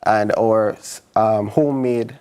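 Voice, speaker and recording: A man, a food and beverage manager, listing the items on his menu with pauses. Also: lowish voice, steady tone, a little mellow, clean tone.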